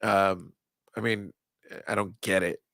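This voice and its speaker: A man's voice: sits low, steady tone, slow, gravelly, pushed and bright, no echo, studio quality. A man hosting a casual comedy chat, rambling and sarcastic, often incredulous.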